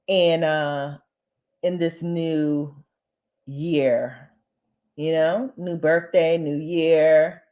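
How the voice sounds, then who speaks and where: A woman from the Bronx with a New York accent chats at a relaxed, unhurried pace while she does her makeup. Her voice sits low for a woman, but she often leaps up into high, animated bursts. She talks playfully and directly to her viewers. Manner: chatty, playful, addresses viewers as babes; animated with sudden high pitch jumps. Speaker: beauty vlogger. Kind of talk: casual chat while doing makeup.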